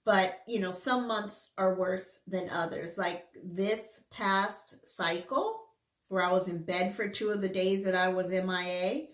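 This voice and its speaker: Middle-aged lady vlogging while she eats, slow easy talk, mouth full sometimes, roomy echo. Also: medium pitch, fairly even intonation. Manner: talks with her mouth full, candid and chatty. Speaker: mukbang vlogger. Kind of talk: casual chat while eating.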